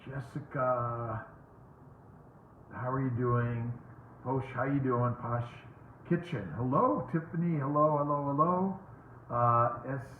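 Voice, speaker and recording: A man's voice: mid-range voice, a little hiss or hum. A man hosting a casual live question-and-answer stream as a fertility doctor, greeting viewers by name and rambling with fillers. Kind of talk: casual livestream chat. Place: home. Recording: tinny phone-like audio, roomy echo.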